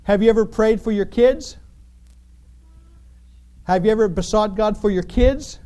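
A man preaching a sermon in an animated, emphatic, conversational way, full of rhetorical questions. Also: high voice, a little slow.

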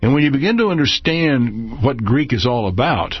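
An older man talks through a Bible lesson in a measured, explanatory way, leaning on key words for emphasis. His husky voice rises and falls in a lively, animated way. The recording is dry and dull, with a lo-fi quality. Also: medium pitch, no room sound. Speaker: Bible teacher. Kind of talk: unscripted teaching talk.

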